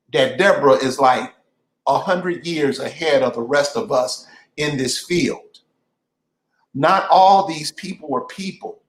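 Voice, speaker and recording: A man hosting a casual conversation, speaking in an emphatic, repetitive, preacher-like way. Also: fairly high pitch. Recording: echoey room.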